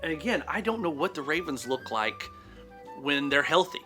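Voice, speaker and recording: A man's voice: a little high, lively intonation, normal speed, sharp tone, faint music behind. A man co-hosting a comedic sports betting show, making picks in jokey, crude banter.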